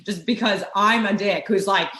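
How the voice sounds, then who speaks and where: A woman co-hosting a podcast, rambling through her thoughts with wry, self-aware humor and frequent laughter. Her pitch is ordinary for a woman. The room gives her voice a noticeable echo. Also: normal speed, very noisy. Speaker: podcast co-host. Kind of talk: casual chat.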